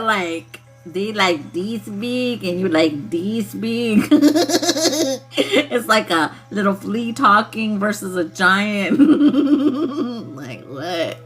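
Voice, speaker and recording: A woman's voice: medium pitch, fairly bright tone. A woman hosting a casual spiritual livestream who laughs often and swears freely in a loose, playful way. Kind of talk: casual chat with viewers.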